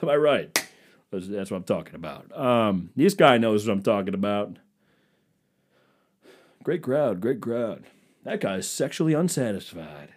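Young male solo podcaster, animated and rambling, self-mocking comic with crowd-work asides. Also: lowish voice, unhurried, long pauses. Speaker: podcast host. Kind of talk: solo comedic podcast rant.

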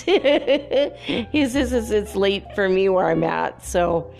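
A woman's voice: medium pitch, steady tone, takes it slowly, vocal fry, a little mellow. A woman giving a casual, chatty spiritual channeling talk, often giggling as she relays messages aloud.

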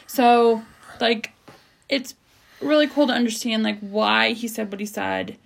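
A woman's voice: a little high, steady tone, measured pace, gravelly. A woman co-hosting a casual Bible chat, thinking aloud in a chatty way with lots of "like". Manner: chatty, many "like" fillers while thinking aloud. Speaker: co-host, wife of the host.

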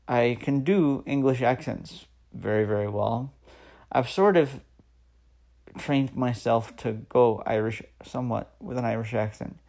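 A man's voice: mid-range voice, unhurried, creaky, mellow. A man in his thirties hosting a solo podcast, talking earnestly and encouraging listeners, repeating phrases for emphasis. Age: 30s. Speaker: podcast host. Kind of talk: solo motivational podcast talk.

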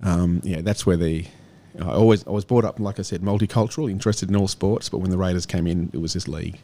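Low-voiced Australian man telling stories. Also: fast talker, dark tone. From Canberra, Australia. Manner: rambling anecdotal storyteller, chuckles often. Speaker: guest musician. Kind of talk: casual radio chat.

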